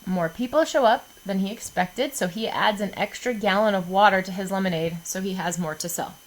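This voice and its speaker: A woman's voice: mid-range voice, a little fast, rough recording. A woman chemistry teacher recording a lesson for her students, chatty and jokey, often checking in with "okay?".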